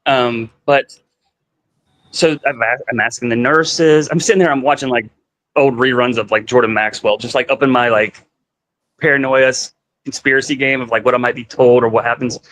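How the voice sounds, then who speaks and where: A man's voice: medium pitch, fairly even intonation, normal speed, fairly bright tone, low-quality recording. A man talking casually as a guest, rambling with lots of fillers and acting out what people said. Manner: rambling, heavy on "like" fillers, acts out quoted dialogue. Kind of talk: casual storytelling conversation.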